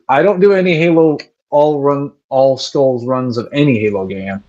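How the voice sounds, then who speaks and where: A man's voice: mid-range voice, moderate pace, a little mellow, lo-fi sound. A man streaming a game, chatting casually and reading out viewer messages, swearing freely. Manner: chatty, profane, reads chat aloud while playing. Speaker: gaming streamer. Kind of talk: casual live-stream commentary.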